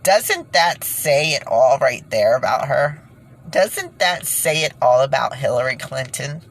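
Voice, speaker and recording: A woman's voice: a bass voice, animated, a little slow, rough recording. A woman ranting indignantly in a casual monologue to her viewers, breaking off with sighs and nervous laughs. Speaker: vlogger.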